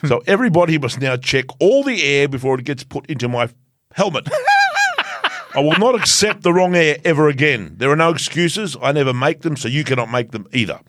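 A man's voice: on the high side, lively intonation, fairly bright tone, dry recording. A man putting on a pompous captain with a fake accent. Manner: stiff commanding fake foreign accent, slow and deliberate. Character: pompous self-important male ship captain. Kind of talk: comedic podcast skit.

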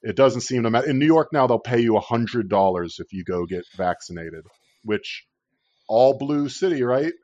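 A man's voice: medium pitch, animated, normal speed, darkish tone, no echo. A man hosting a casual political chat podcast, ranting sarcastically and swearing freely. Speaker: podcast host. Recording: dull lo-fi dry recording.

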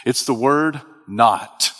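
A man's voice: mid-range voice, slow pace, fairly bright tone, slightly rough. A man preaching a sermon with dynamic delivery, his voice rising into emphatic, sung-out peaks. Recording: long reverb of a large hall.

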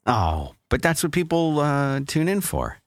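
A man's voice: on the high side, huge pitch swings, a little slow, no echo, clean studio sound. A man co-hosting a casual podcast chat, easygoing and a bit hesitant, laughing briefly. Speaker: podcast co-host.

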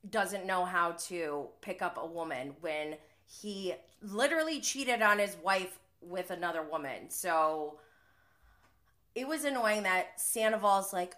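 Chatty bright-voiced woman recapping TV. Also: fairly low pitch, animated, takes it slowly. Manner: chatty, laughing, filler-heavy. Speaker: recap host. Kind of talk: casual reality TV recap.

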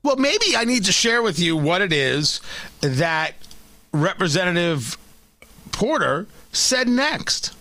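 A talk radio host delivers emphatic, sarcastic commentary in a high, bright voice. His pitch swings widely, and the studio sound is close and dry. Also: very animated, slow, dry recording.

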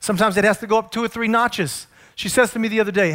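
Middle-aged male pastor, higher register, earnest storytelling sermon delivery. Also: fairly even intonation, a bit bright. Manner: earnest, storytelling preacher, slows to stress points.

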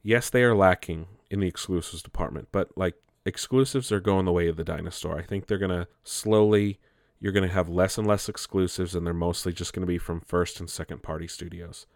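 Guy with a really low voice rambling on, lots of restarts and cussing, dry close sound. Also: fairly even intonation, brisk, a little mellow, dry recording. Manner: rambling, frequent restarts, swears casually. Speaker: gaming commentator. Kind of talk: casual solo commentary.

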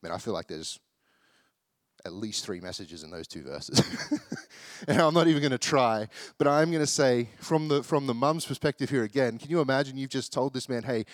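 A young man preaches in a relaxed, joking way, slipping into the voices of the people in the story. His voice is mid-pitched, and the recording is close and dry, with no room echo. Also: normal speed. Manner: chatty, self-deprecating, acts out the people in the story. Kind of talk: casual sermon.

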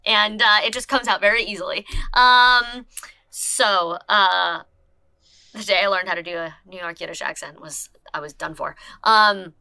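A woman player chatting at a tabletop game, animated and chatty. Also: mid-range voice, clear, resonant tone, dry recording. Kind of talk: casual chat at a tabletop game.

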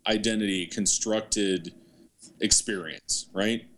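A man's voice: lowish voice, fairly even intonation, slow pace, a bit bright. A man co-hosting a podcast, making analytical, argumentative points about films in casual chat. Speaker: podcast co-host. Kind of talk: casual movie review chat.

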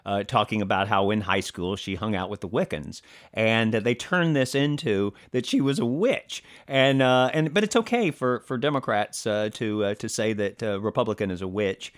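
A man co-hosting a political commentary podcast, talking in a halting way with many fillers and restarts and a sarcastic edge. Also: fairly low pitch. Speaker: podcast co-host.

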